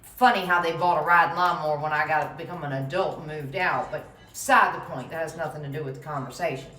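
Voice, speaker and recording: A woman's voice: sits low, fairly even intonation, fast, sharp tone. A middle-aged woman, telling a story from her youth in a folksy, emphatic way. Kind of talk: casual storytelling to camera. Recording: roomy, voice from a distance.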